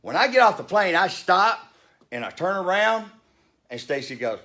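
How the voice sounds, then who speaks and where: A man's voice: high-pitched, big pitch swings, normal speed, bright, forceful tone. A man in his fifties telling a story in a heated rant, blunt and profane. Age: 50s. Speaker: vlogger.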